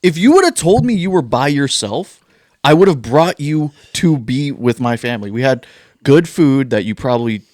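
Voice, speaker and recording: A man's voice: mid-range voice, normal speed, no room sound, clean studio sound. Laughing young man telling a story. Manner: animated storytelling, laughs often, swears. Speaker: podcast co-host. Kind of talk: casual chat.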